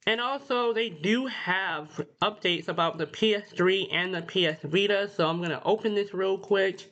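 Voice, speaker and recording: A young man with a nasal, slightly groggy voice that sits high for a man. He gives casual, rambling commentary full of fillers. The sound is dull and lo-fi, coming from a computer mic. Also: normal speed, hardly any pauses, fairly bright tone. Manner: rambling, filler-heavy, reads article aloud. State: nasal, just woke up. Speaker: gaming YouTuber.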